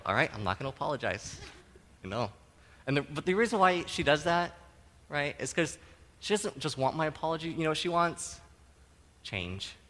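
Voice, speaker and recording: A middle-aged man preaching a sermon, conversational and animated, tossing in tag questions and acting out quotes with sudden loud bursts. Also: medium pitch, in a large hall. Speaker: pastor.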